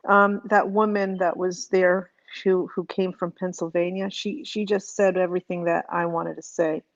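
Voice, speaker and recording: A woman's voice: lowish voice, little pitch movement, moderate pace, dry recording, highs cut off. A woman calling in to a live show, chatty and full of restarts. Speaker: caller. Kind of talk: call-in chat.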